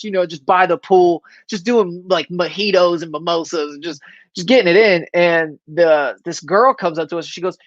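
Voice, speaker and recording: A man's voice: sits high, brisk, a bit bright, no echo, lo-fi sound. A male stand-up comedian from Florida telling anecdotes in casual chat, acting out quoted lines along the way.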